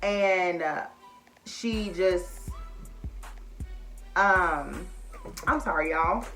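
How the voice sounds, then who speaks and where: A woman's voice: lowish voice, very slow, a bit bright, soft background music. A young woman, chatting casually and emotionally to her viewers as y'all. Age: young adult. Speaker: vlogger. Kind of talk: casual chat to camera.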